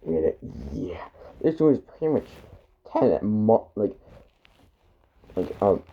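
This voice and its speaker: Man, low-ish voice, loose rambling storyteller, heavy on fillers. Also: expressive, slow, creaky, dull audio. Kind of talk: improvised fan story retelling.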